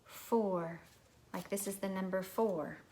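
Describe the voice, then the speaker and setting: A woman's voice: medium pitch, slow, dark tone. A woman teaching a recorded phonics lesson to young children, patient and prompting them to repeat words.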